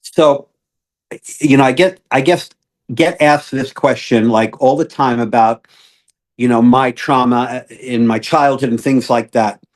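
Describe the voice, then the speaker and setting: Speaking at a measured pace in a medium pitch, a male guest who works as a self-awareness coach shares an emotional personal story in earnest. His telling is peppered with fillers and restarts.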